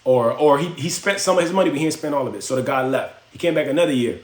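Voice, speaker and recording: A man's voice: a little high, fast. A man hosting a livestream, telling a story in a slangy, rambling, conversational way. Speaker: livestream host. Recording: roomy echo.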